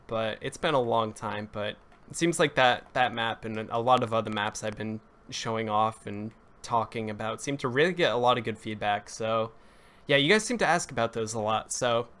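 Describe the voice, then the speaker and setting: The speaker is a young man with a medium-pitched, fairly bright voice, chatting casually on a live stream as he builds. He rambles, fixes his own wording, greets viewers and talks with chat, his voice breaking now and then.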